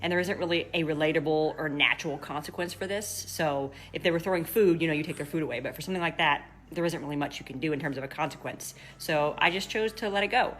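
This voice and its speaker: Brief: young mom, low voice, talks fast, practical step-by-step parenting advice to camera. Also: female voice, fairly bright tone. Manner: practical, matter-of-fact, explaining step by step. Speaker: mother giving parenting tips.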